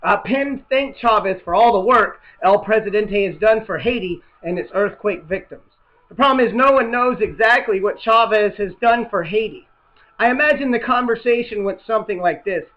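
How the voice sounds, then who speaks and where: A man's voice: sits high, normal speed. A man hosting his own show, delivering a sarcastic, rambling political news monologue with many fillers. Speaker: host. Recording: dull lo-fi recording.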